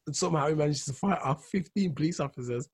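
A man's voice: on the high side, fast, heavy background noise. A man from England co-hosting a casual chat, telling odd news stories and laughing as he reads them. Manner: laughs while reading out stories. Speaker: podcast co-host.

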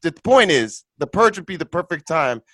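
A man's voice: fairly high pitch, very animated, moderate pace, fairly bright tone, dry recording. A man in casual group chat, rambling and restarting his sentences. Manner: rambling, many restarts and "I'm just saying".

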